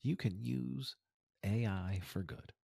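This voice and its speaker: Gravelly low-voiced man, animated podcast host. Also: slow, no echo, clean studio sound. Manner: animated, swings between loud emphasis and near whisper. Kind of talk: casual inspirational monologue.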